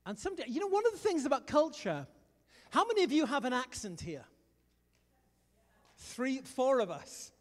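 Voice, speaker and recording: A man from England with a Liverpool accent, preaching a sermon in a lively, chatty way with jokes to the congregation. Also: very high voice, moderate pace, long pauses, long reverb tail. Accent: Liverpool English. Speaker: pastor.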